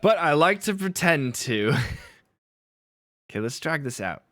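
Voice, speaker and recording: A man's voice: a little high, sing-song, unhurried, fairly bright tone, no room sound, studio quality. A man hosting a livestream, chatting casually and laughing at himself as he talks about accents. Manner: chatty, laughing, self-deprecating. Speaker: livestream host. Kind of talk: casual chat with chat.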